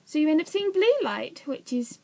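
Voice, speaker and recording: A woman's voice: high-pitched, lively intonation, moderate pace, creaky, mellow. A young woman vlogging in a casual, rambling way, often hesitant and poking fun at herself. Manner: rambling, hesitant, self-deprecating. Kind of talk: casual chat to camera.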